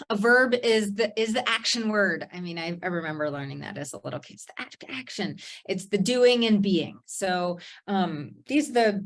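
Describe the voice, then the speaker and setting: Woman co-teaching a writing workshop over video call, casual and quick, restarts a lot. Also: mid-range voice.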